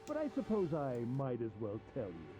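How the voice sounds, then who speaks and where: A man's voice: mid-range voice, huge pitch swings, normal speed, mellow, voice pushed up. A man voicing a cruel, mocking male villain who taunts his captive in a theatrical way. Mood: gloating, mocking.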